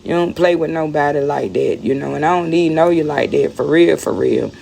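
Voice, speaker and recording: A woman's voice: deep voice, brisk, vocal fry, dark tone, slight background noise. A woman ranting bluntly on a phone livestream, rambling and repeating herself as she talks straight to her viewers. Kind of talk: casual livestream rant.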